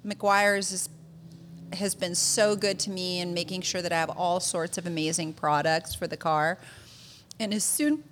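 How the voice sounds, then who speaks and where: A woman's voice: fairly low pitch, flat delivery, normal speed, a bit bright, slight background noise. Enthusiastic, playful woman co-host. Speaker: podcast co-host. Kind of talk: casual chat.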